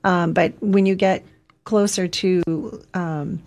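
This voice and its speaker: Guest on radio talk show: woman, relaxed chatty talker, lowish voice. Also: slow. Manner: relaxed, chatty with many ums. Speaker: executive director of the race, guest. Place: radio studio.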